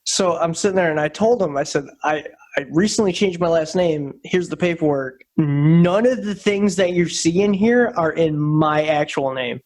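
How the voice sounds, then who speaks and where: A man's voice: fairly high pitch, moderate pace, hardly any pauses, darkish tone. A man co-hosting a casual podcast, telling a rambling, profane story and repeating himself a lot. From Upstate New York. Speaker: podcast co-host. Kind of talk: casual chat.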